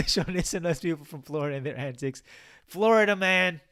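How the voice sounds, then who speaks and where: A man's voice: fairly high pitch, brisk, fairly bright tone, dry recording, clean studio sound. A young man chatting casually on a game live stream, reading out viewer comments and musing aloud.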